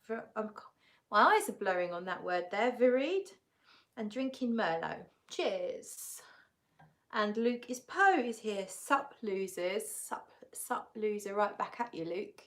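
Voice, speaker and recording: A woman's voice: mid-range voice, lively intonation, unhurried, fairly bright tone. A woman hosting a casual live-stream fragrance chat, greeting viewers and reading out their comments in an easygoing, chatty way. She sounds tired. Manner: frequent laughs and fillers, easygoing. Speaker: fragrance channel host.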